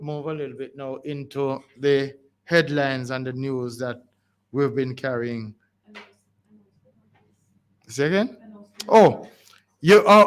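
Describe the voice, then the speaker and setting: A man's voice: fairly high pitch, fairly bright tone, clear, resonant tone. Pleading Jamaican man on community radio. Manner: pleading, rambling with repeated restarts. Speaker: radio host. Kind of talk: call-in community radio talk. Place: radio studio.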